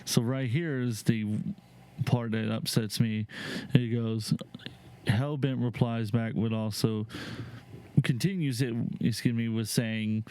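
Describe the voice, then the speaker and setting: A man hosting a casual online reaction show, with a smooth, clear voice. He talks at an unhurried, deliberate pace as he reads messages aloud, then jumps into high-pitched cries of disgust. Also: fairly even intonation, dark tone. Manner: reads texts aloud slowly, breaks into high disgusted exclamations. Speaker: show host reacting to videos.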